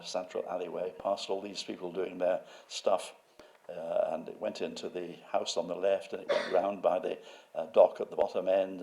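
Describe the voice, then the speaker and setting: A man's voice: deep voice, creaky, darkish tone. An older man giving a public lecture, telling wry anecdotes in a hesitant way, with many fillers and restarts. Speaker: guest lecturer.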